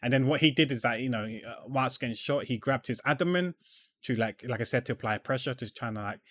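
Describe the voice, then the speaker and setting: A man giving casual, rambling commentary while playing a game, full of fillers and restarts that trail off quietly. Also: medium pitch, quick pace, dry recording. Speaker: gamer.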